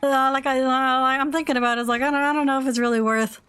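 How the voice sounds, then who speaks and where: A woman's voice: sits high, flat delivery, quick pace, a bit bright, clear, resonant tone. A young woman streamer talks casually while she plays, rambling and gushing, with plenty of fillers and restarts. Her voice sits a little above average. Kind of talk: casual chat while gaming.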